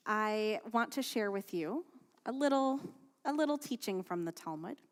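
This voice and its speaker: Female rabbi, mid-pitched, measured prayers and chatty sermon stories, livestreamed from a long-reverb sanctuary. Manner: steady, measured prayer reading, then chatty, lively storytelling with fillers. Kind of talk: leading prayers and giving a sermon. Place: synagogue sanctuary.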